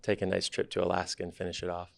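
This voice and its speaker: A man in his thirties, a startup CEO guest on a podcast interview, telling his story in a relaxed, candid, thoughtful way. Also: low-pitched, fast, gravelly, no room sound.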